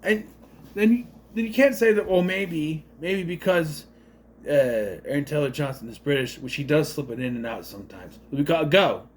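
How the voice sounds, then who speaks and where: A man's voice: on the high side, moderate pace, a little hiss or hum. A man giving a casual spoken movie review, rambling with unsure asides and self-corrections.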